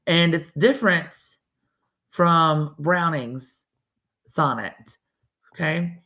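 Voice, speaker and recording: A woman's voice: sits low, extremely slow, sharp tone. A woman teacher, giving a casual, chatty recorded lesson and often restarting her sentences.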